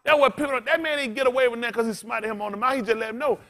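A man's voice: very high voice, fairly even intonation, racing, bright, forceful tone. A man pastor preaching a sermon in a blunt, colloquial way, swearing freely and firing questions at the congregation.

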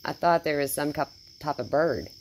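A woman talking casually and cooing praise in a soft, baby-talk tone, outdoors at night. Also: deep voice, expressive, moderate pace, slight background noise. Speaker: vlogger. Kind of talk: casual talk to a wild animal.

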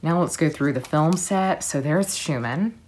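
A woman narrating an unboxing video, soft-spoken and gushing, moving between quiet murmurs and excited exclamations. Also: sits low, measured pace. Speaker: vlogger.

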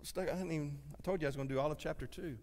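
A man with a Southern US accent preaching a sermon as pastor, swinging from loud exclamations to hushed asides. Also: on the high side, rapid-fire. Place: church sanctuary. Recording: reverberant church sanctuary.

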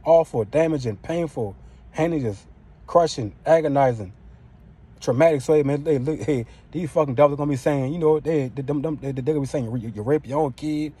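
Fast-talking husky-voiced male street preacher. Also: a little high, mellow. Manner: profane street-style preaching, constant "man" and "you know what I'm saying". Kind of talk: informal religious sermon.

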